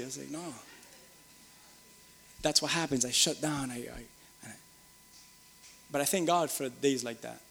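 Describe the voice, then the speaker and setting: A man's voice: medium pitch, moderate pace, creaky, pauses often, a bit bright, in a large hall, a little hiss or hum. A middle-aged man preaching a sermon, earnest and repetitive, rising to emphatic peaks. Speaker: pastor.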